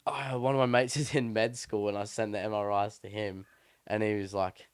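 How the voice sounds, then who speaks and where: This podcast co-host is a young man with a lowish, smooth voice, a level tone and a moderate pace. The studio sound is clean with no echo as he rambles through a slangy story in casual chat, restarting often.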